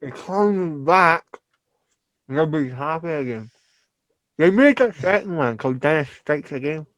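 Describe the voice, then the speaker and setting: Swearing Scottish podcast host, dry sound. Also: male voice, a little high, moderate pace, no echo. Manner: animated, laughs often, swears casually. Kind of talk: casual chat.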